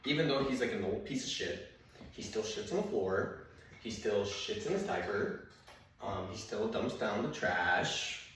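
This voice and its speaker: A man's voice: lowish voice, a little slow, a bit bright, slight background noise. A young man doing stand-up comedy, telling a rambling, profane story and acting out his dad and his dog. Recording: very echoey room, mic at a distance.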